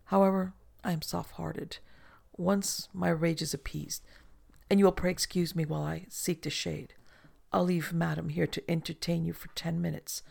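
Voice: mid-range voice, vocal fry, darkish tone, husky. A reader voicing an icy, drawling old pirate captain. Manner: drawling, menacing courtesy.

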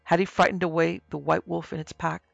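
A man narrating a horror story in a steady, even reading pace. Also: fairly high pitch, fairly quick, gravelly, dry recording, highs cut off.

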